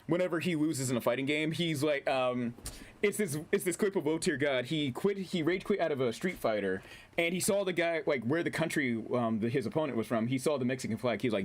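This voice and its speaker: A man casually commentating his gameplay on a stream, excitable, swearing, laughing and reading chat aloud. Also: a little high, fast talker.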